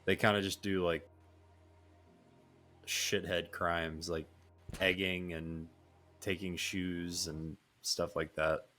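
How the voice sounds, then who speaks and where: A man's voice: low-pitched, flat delivery, slow, pauses often, pushed and bright, slight background noise. A man playing a role-play game, filling in another player in a loose, offhand way full of fillers. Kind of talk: casual in-character role-play chat.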